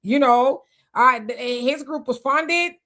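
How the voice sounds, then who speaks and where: A woman's voice: high voice, unhurried, sharp tone. Chatty woman livestream host in her fifties. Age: 50s. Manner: conversational, loose with fillers and restarts. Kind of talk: casual live talk to viewers.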